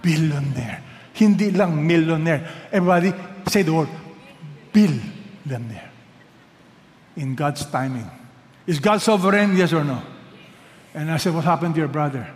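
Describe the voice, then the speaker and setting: A man preaching in a big church hall, his voice ringing with a long echo. He speaks in a fairly high register and stresses his words, going from loud calls down to hushed lines. He asks the congregation to answer him back. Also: brisk. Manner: emphatic, swings between loud calls and hushed lines, prompts the congregation to respond. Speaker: pastor. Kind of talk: sermon. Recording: long reverb of a large hall.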